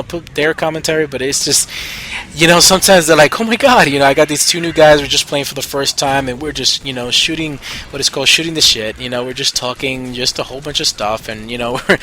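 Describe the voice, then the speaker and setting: Male gaming host, bright and forceful, chatty rambling voice-over with lots of restarts, faint noise under it. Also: medium pitch. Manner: rambling, enthusiastic, many fillers and restarts. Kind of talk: gameplay commentary voice-over.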